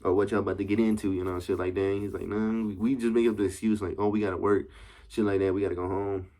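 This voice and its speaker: This young vlogger's voice is lowish and dark, quick-paced and steady in tone. He rambles through a casual story time to camera, heavy on slang and swearing, and keeps asking "you know what I'm saying."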